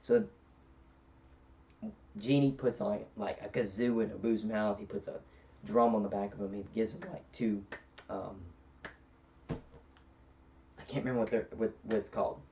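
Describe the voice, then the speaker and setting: A man rambles through a casual film recap, full of fillers. His tone is mellow and sits back from the mic. The recording is dull and lo-fi. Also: lowish voice, fairly even intonation, measured pace, long pauses, distant mic, slight background noise. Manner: rambling retelling with many fillers. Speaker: film reviewer.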